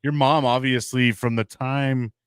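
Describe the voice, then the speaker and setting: A man's voice: medium pitch, steady tone, a little slow, clear, resonant tone, no echo, studio quality. A man hosting an interview podcast, asking rambling questions that stall and restart. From United States. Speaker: podcast host.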